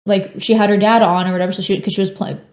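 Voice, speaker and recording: A woman's voice: mid-range voice, steady tone, very fast, darkish tone, roomy sound. A young woman co-hosting a podcast, telling a long story in casual chat and filling it with "like". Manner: rambling storytelling, heavy "like" fillers. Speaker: podcast co-host.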